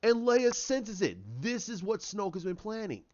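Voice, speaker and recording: A man with a fairly high voice walks through an imagined story scene by scene, tripping over restarts and dropping in sound effects as he goes. His retelling is casual and animated. The recording sounds dull and lo-fi. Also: normal speed. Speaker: channel host.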